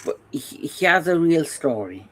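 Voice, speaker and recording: A man's voice: on the high side, very animated, moderate pace, a bit bright, rough recording. A man in his forties with a Geordie accent, chatting casually on a podcast and telling rambling stories with frequent laughs. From England. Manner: rambling anecdotal storyteller, laughs often. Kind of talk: casual chat.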